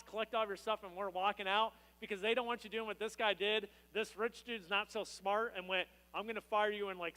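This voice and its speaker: High, bright-voiced male pastor preaching. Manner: conversational, storytelling with quick voiced asides. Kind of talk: sermon. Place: church sanctuary. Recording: church hall with long reverb.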